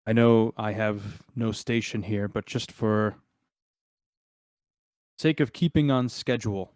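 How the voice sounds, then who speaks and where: A man's voice: on the low side, level tone, a little slow, darkish tone, no room sound, studio quality, lightly acted. A man voicing a pointed, schedule-minded male companion urging the group onward. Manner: pointed, insistent.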